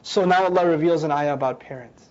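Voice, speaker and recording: A man's voice: fairly high pitch, quick pace. Dramatic male Quran lecturer. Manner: dramatic, acts out dialogues, emphatic repetition. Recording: dull lo-fi recording.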